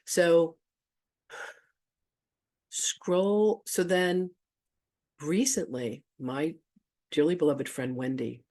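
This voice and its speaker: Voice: medium pitch, fairly even intonation, very slow, pauses often, darkish tone. A host of a live online spiritual gathering telling a story in a casual, gushing way. They chuckle often and swear casually. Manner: effusive, gushing, cusses casually.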